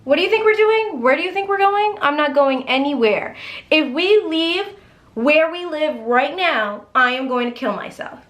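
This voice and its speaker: A woman voicing a defiant young wife who shrieks threats in a shrill, indignant voice. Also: animated, normal speed, a bit bright, echoey room. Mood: hysterical.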